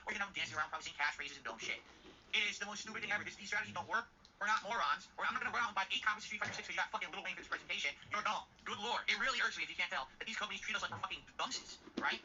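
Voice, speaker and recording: A man ranting angrily and profanely on a livestream. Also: sharp tone. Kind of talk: ranting stream clip. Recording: muffled low-fi stream audio with faint noise.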